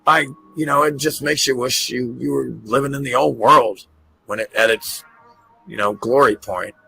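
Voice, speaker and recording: A man hosting an excited commentary over pictures, gushing and repeating himself, often stammering. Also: medium pitch, normal speed, creaky, faint music behind, poor audio. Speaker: host.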